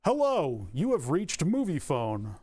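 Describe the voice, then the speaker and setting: A stiff automated phone operator , as a man puts it on, with robotic, careful diction. Every word is spaced out slowly and evenly, with no warmth at all. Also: fairly high pitch, husky, full character voice. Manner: robotic, carefully pronounced, slow and even.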